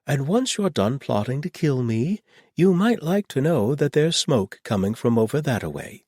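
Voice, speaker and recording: A sardonic, drawling rogue, as a narrator voices him, pitched well above the reader's low, husky tone. A storybook character recorded close and dry. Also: male voice, big pitch swings, moderate pace, a little mellow, no room sound.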